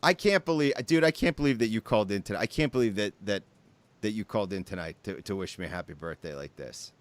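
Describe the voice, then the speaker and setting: A man hosting a casual talk show, excitable and calling everyone dude. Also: lowish voice, fast talker. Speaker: host. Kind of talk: casual chat.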